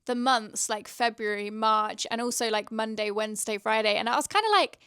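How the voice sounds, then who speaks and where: A woman's voice: on the high side, a little fast, a bit bright, clear, resonant tone, dry recording, studio quality. A young woman chatting casually in a reading vlog, gushing and rambling with lots of fillers. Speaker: book vlogger.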